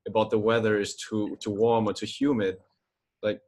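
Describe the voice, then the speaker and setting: A man with a fairly low voice hosts a casual interview. He talks things through thoughtfully, hesitating and filling pauses as he builds his point. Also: flat delivery, a little mellow. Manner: thoughtful, hesitant, many fillers. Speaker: podcast host.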